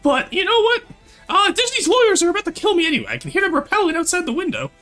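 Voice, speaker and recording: A streamer doing an impression of a chipper, boisterous cartoon mouse in a strained high falsetto. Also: big pitch swings, quick pace, music in the background. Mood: mock-panicked. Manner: opens with a "ho ho" before every line. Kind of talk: comic impression on a live stream.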